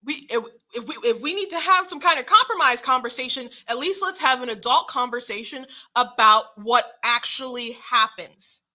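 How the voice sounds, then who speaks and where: A young woman hosting casual political commentary, talking frankly with quick restarts and short laughs. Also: high voice, sharp tone.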